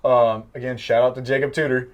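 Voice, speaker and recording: A young man from the Midwest tells firehouse stories in a relaxed podcast chat. His voice sits in an ordinary middle pitch, and he breaks into laughter often as he talks. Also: fairly quick, highs cut off. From American Midwest. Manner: anecdotal storyteller, laughs often. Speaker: firefighter. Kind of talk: casual podcast conversation.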